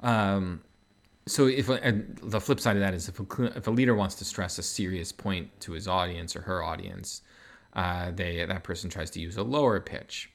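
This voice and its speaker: A man hosting a podcast, explaining ideas in a relaxed, conversational way with frequent fillers. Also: low voice, normal speed, vocal fry. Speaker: podcast host. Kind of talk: casual explanatory podcast talk.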